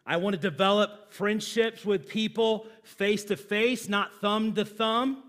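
Male pastor, middle-aged, humorous sermon, conversational, high pitch, bright tone. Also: measured pace. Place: church.

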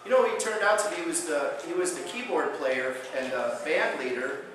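Lecturing to a conference hall, a man whose voice is on the high side talks at normal speed. He's a chiropractor who animatedly recounts a patient story, acting out the quotes loudly, and the distant mic catches the hall's echo along with background noise.

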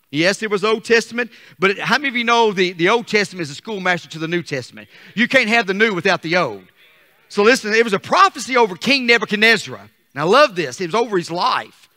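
A pastor preaching his sermon in a high, bright, ringing voice. He calls out to the congregation for responses and reads scripture slowly. He then builds his lines into forceful, rising peaks. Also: in a large hall.

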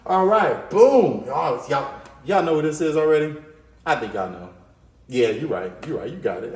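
A man leads a children's drawing lesson with a bright, high-pitched voice, full of playful hype and call-outs to the kids. He drops in little sound effects as he draws. The room around him rings with echo. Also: animated, normal speed. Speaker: art teacher. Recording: echoey room.

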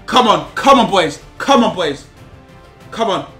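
A young man commentating live on his own football game, repeating himself and shouting in frustration at his players. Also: a little high, expressive, moderate pace, roomy sound, soft background music. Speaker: gaming YouTuber.

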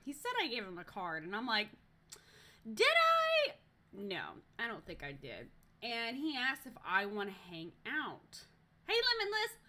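A young woman chats on her live stream, telling a story in a bright, clear voice. She talks in a loose, animated way, swears freely, and trips over her own sentences with plenty of fillers. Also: medium pitch. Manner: animated, profane, lots of fillers and restarts.

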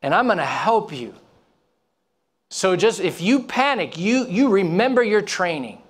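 Animated pastor telling a story. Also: male voice, high-pitched, measured pace. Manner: animated storytelling, acting out quotes, dropping to a hush. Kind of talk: sermon. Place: church.

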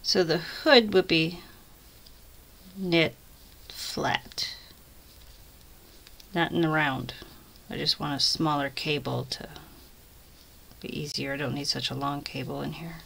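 A woman's voice: deep voice, takes it slowly, vocal fry, long pauses, fairly bright tone. A woman chatting casually while she knits, murmuring asides as she works with her hands. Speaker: knitting vlogger. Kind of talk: casual chat while knitting.

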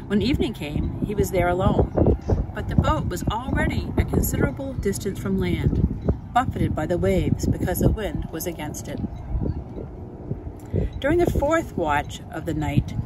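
Scripture reader over loud traffic. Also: medium pitch. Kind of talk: reading scripture aloud. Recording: loud traffic noise behind.

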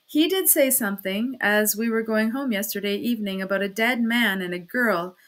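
A woman's voice: mid-range voice, normal speed, fairly bright tone, close to an everyday voice. An earnest young man in a storybook reading, voiced by a woman in close to her own voice. He speaks thoughtfully and steadily, reassuring the people around him.

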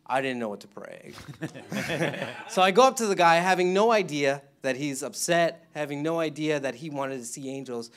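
A man giving a rambling testimony at a church service, laughing often and restarting his sentences. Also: medium pitch. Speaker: mission trip member giving testimony.

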